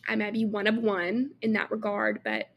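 Recorded with lo-fi sound and a little hiss or hum, this young woman has a mid-range, sing-song voice and talks at normal speed. An intern vlogger from Alabama with a Southern accent, she chats to camera in a casual way, leaning heavily on "like" as filler.

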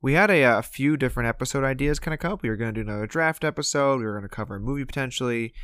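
A man co-hosts a relaxed podcast in an easy, joking way. His voice sits in a middle register. The sound is dry and close, with no room around it. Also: medium pitch, clear, resonant tone, dry recording. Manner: playful, jokey, does quick impressions. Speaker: podcast co-host. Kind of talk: casual podcast chat.

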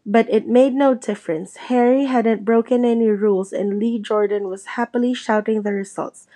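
A woman's voice: fairly high pitch, steady tone, normal speed, dark tone. A woman reading a children's novel aloud, narrating steadily and expressively. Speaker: audiobook reader. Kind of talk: storybook narration.

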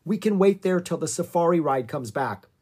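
A reader voicing a cautious, worried young boy giving tense, hushed warnings in a storybook reading. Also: medium pitch, lively intonation, moderate pace, husky, voice pushed up. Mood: tense whisper.

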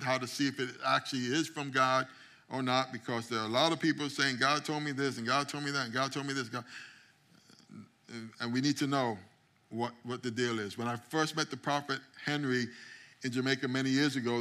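A middle-aged man preaching a sermon as pastor, telling stories and acting out quotes, building up to loud climaxes. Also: mid-range voice. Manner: storytelling, acts out quotes, builds to shouting climax.

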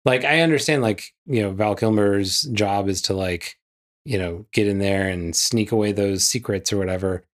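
A man's voice: lowish voice, normal speed. A man co-hosting a casual podcast, rambling through a film and a science story. His talk is loose and chatty, full of "like" and "yeah" and little jokes. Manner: chatty, lots of "like" and "yeah", jokey asides. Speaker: podcast co-host. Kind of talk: casual chat.

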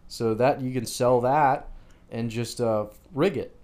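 A man's voice: medium pitch, a little slow, darkish tone. A man co-hosting a podcast, talking in blunt, rambling, crude banter. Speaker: podcast co-host.

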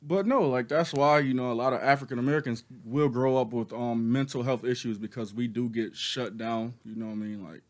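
A man with a mid-pitched voice chatting on a podcast. He is relaxed, laughs along and fills his sentences with "you know what I mean". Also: quick pace, few pauses. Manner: laid-back, says "you know what I mean" a lot. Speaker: podcast co-host. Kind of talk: casual chat.

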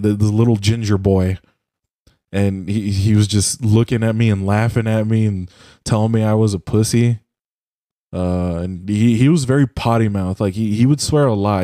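A man's voice: fairly low pitch, dark tone, dry recording, clean studio sound. A young man chatting casually on a voice call, telling a profane, rambling story full of "like" and restarts. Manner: rambling, profane, heavy use of "like". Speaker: podcast co-host. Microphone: computer mic on a voice call.

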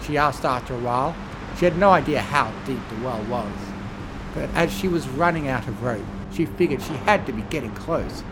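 Man narrating a horror story with lively pitch. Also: heavy background noise. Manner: measured, dramatic storytelling. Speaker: fan fiction reader.

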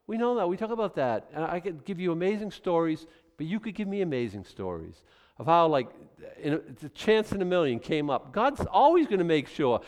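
A man's voice: fairly high pitch, very animated, a little fast, darkish tone. A male pastor preaching a sermon in a loose, conversational way, drifting into asides and acted-out scenes.

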